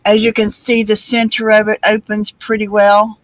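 Halting Southern woman, rambling chat. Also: medium pitch, monotone, low-quality recording. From Alabama, US. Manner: rambling, halting, many ums and restarts. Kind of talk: casual live-stream chat.

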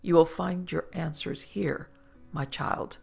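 Woman voicing a gravelly, gentle old priest. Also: low voice, fairly even intonation, soft background music, heavily acted. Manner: slow, gentle, sometimes near-whispered. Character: frail kindly old male priest, soft-spoken.

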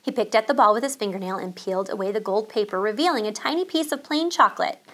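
A woman teacher reading a children's chapter book aloud, calm and expressive. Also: medium pitch, fast.

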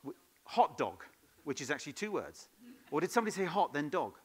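A man leading an improv workshop at a conference, in a lively, playful way, throwing questions to the audience. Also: a little high, a little fast, husky. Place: conference hall.

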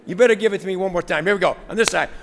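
In a lecture hall, a male guest speaker fires up college students with an enthusiastic motivational talk built on call-and-response. His voice is high, racing, creaky, and a bit bright, with slight background noise. Roomy hall reverb and a faint audience come through.

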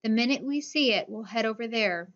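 A woman's voice: on the high side, brisk, a bit bright, natural voice. A woman voicing a determined, bossy boy who gives curt orders, on a dull lo-fi recording. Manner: curt, commanding.

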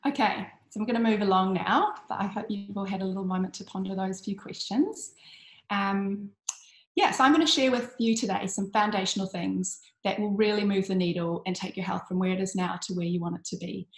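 A woman's voice: mid-range voice, brisk. Chatty, tired woman health coach, talking in an echoey room, loose and rambling. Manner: chatty, with frequent ums and restarts; uses 'bloody' as an intensifier. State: tired from little sleep. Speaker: health coach giving an online talk. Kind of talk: casual presentation.

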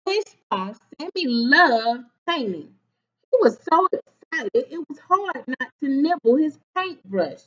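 A woman reads a children's picture book aloud on her webcam at home, pitched high and lively. She takes it slowly, stopping to quiz her young listeners. The sound is a bit dull. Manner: animated, stops to ask children questions. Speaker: teacher reading to children. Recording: slightly dull webcam audio.

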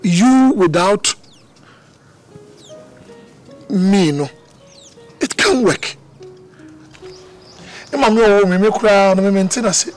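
Casting: a desperate Ghanaian lover, high voice, emotional pleading, faint film score. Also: male voice, moderate pace, pauses often, husky, soft background music. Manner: emotional pleading, switching between Twi and English. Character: desperate man begging his partner to stay. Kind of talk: film acting.

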